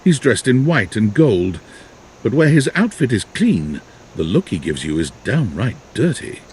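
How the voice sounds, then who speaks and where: A man's voice: mid-range voice, very animated, measured pace, a little mellow, breathy edge, full character voice. A man narrating a video game in a dry, wry scripted style.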